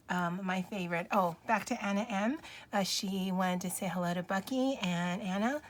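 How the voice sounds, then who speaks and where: A chatty woman talking straight to her viewers about her planner. She laughs easily and pokes fun at herself, in an easygoing, conversational way. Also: medium pitch. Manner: chatty, giggly, self-deprecating. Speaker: planner vlogger. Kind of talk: casual chat to camera.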